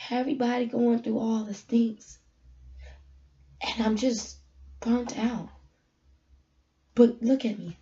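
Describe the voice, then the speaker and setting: A woman giving a candid, emotional personal message, moving between soft, quiet lines and loud, emphatic ones. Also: fairly high pitch, dull audio. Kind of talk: heartfelt personal talk, sermon-like.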